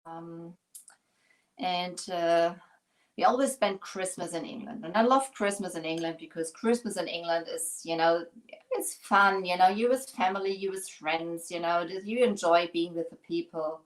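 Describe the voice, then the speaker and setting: A woman's voice: fairly low pitch, moderate pace, poor audio. A woman from Germany with a German accent hosting a live crafting demonstration, talking in a chatty, rambling way and joking about herself. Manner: chatty, rambling, self-deprecating. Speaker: craft stream host.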